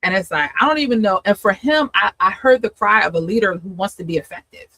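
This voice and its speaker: A woman with a mid-range voice speaks fast and a bit brightly on a dry but rough recording. She's a host and coach giving candid testimony in a live talk, telling her story with feeling, laughing often, and acting out her past self.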